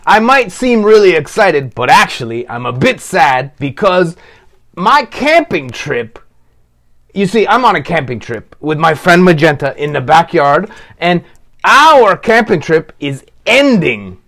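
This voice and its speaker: Curtains, a man doing a bubbly high puppet. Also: big pitch swings, measured pace, a bit bright, exaggerated voice. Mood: wistful. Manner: bubbly, sing-song, talks to the audience. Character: excitable childlike puppet named Curtains. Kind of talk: children's puppet show.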